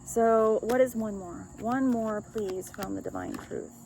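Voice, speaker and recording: A woman's voice: on the high side, unhurried, creaky, mellow, slight background noise, poor audio. A woman giving a casual, rambling love reading as a tarot reader, chatting with light laughs.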